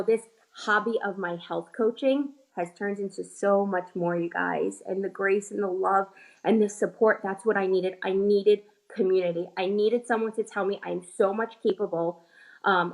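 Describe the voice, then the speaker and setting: A woman's voice: medium pitch, fairly even intonation, normal speed, vocal fry. New york accent woman in her 30s, earnest emotional testimony on a video call. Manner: earnest, emotional, close to tears. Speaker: guest speaker, health coach. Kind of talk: personal testimony.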